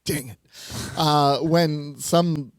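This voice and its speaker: Guy cohosting a podcast, kinda high voice, dry close sound, jokes around a lot. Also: steady tone, smooth, dry recording. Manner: laughs often, jokey, lists things off quickly. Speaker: podcast co-host. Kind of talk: casual chat.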